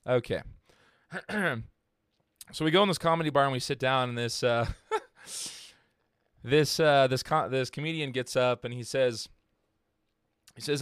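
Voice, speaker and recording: A man's voice: medium pitch, measured pace, pauses often, fairly bright tone, clear, resonant tone, no echo, studio quality. A man hosting a podcast, telling a story in casual chat with lots of fillers and restarts. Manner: rambling, filler-heavy, laughs at own jokes. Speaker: podcast host.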